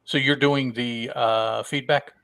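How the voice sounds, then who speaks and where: Gravelly guy cohosting a podcast, halting and rambly, repeats himself, no room sound. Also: mid-range voice, fairly even intonation, a bit bright, dry recording, poor audio. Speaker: podcast co-host. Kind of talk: casual conversation. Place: home.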